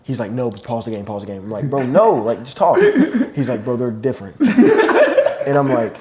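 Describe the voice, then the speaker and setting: A young man, a college football player, chatting casually on a podcast and telling animated stories between bursts of laughter. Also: mid-range voice, moderate pace, over a noisy crowd. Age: young adult. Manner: animated storytelling, laughing often.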